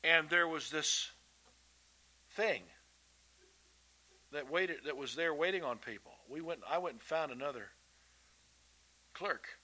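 Guy preaching to kids and parents, folksy and emphatic, kinda high voice, real bright and sharp. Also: slow pace, pauses often, rough recording. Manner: folksy and emphatic, with repeated restarts. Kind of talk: sermon to children and adults.

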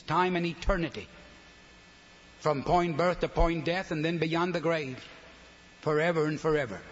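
An older man preaching a sermon, emphatic, swinging between loud declarations and soft, low asides. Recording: long hall reverb, dull lo-fi sound.

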